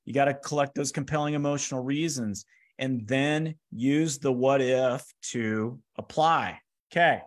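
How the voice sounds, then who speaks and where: A man telling stories in a lively motivational talk, acting out the lines of the people in them. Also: medium pitch, a little slow. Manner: energetic, acts out quoted dialogue. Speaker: speaker giving a finance workshop. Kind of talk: animated motivational storytelling.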